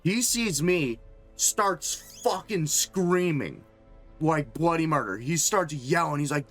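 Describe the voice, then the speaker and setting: A man's voice: fairly high pitch, expressive, slow, fairly bright tone, soft background music. A male streamer telling a casual, rambling story full of swearing and fillers. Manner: rambling, profane, lots of fillers.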